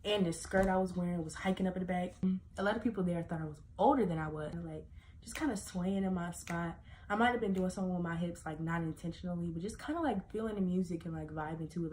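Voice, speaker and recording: Young woman, casual storytime vlog, animated and profane, slightly low voice, faint room noise. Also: fast talker. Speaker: vlogger.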